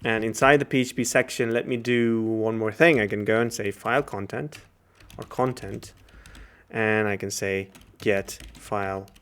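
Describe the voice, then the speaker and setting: Man, lower voice, smooth and clear, programming lecturer, thinking aloud, fillers and self-corrections, keyboard typing behind. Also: steady tone, normal speed, a bit bright. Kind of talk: live-coding lecture.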